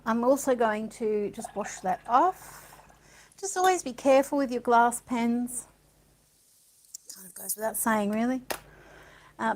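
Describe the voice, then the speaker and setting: A woman's voice: a little high, a little hiss or hum, low-quality recording. A woman giving a casual art demonstration, chatting and thinking aloud as she works, with delighted little gasps. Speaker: art supplies presenter.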